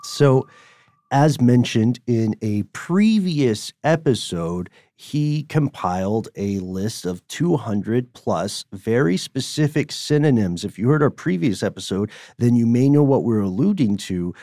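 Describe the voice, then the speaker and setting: A man hosting a podcast in casual, animated chat, often laughing. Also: mid-range voice, a little slow, dry recording, clean studio sound. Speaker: podcast host.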